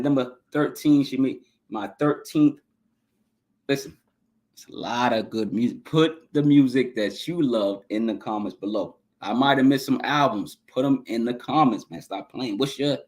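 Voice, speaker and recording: Male podcast host, mid pitch, enthusiastic and rambling in a casual review monologue. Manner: enthusiastic, rambling, repeats himself, stumbles over names. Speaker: podcast host ranking albums.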